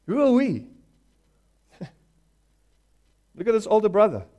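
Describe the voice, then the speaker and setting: High-voiced man preaching emphatically. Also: huge pitch swings, slow pace, lo-fi sound. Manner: rising to loud emphatic call-and-response; acts out Bible characters in quoted voices. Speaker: pastor. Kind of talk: sermon.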